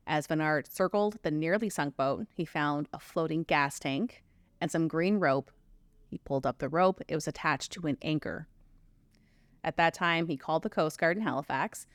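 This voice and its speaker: Fast-talking Canadian woman podcaster. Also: low voice, no echo. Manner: fast, words run together. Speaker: podcast co-host. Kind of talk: true crime podcast narration and banter.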